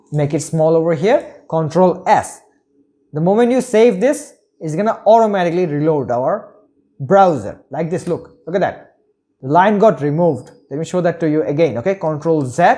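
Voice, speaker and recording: A man with a higher-pitched, darkish-toned voice teaches web development in a screen-recorded tutorial. He narrates each click, repeatedly checking in with "okay?" and pointing things out "over here."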